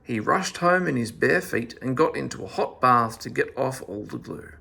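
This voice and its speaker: A man reading a children's story aloud in an expressive, animated storytelling manner. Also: mid-range voice, moderate pace, creaky, husky.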